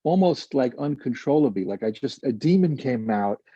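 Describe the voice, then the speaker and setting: A man's voice: mid-range voice, animated, moderate pace, warm tone, husky, no echo, highs cut off. A man asking a question on a video call, talking in a rambling, earnest way.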